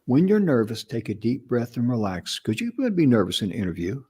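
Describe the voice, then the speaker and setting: An older man from North Carolina co-hosting a casual advice talk show, speaking slowly and pronouncing his words carefully. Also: medium pitch, sing-song, darkish tone, breathy edge. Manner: slow, deliberate, carefully pronounced speech. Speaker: co-host.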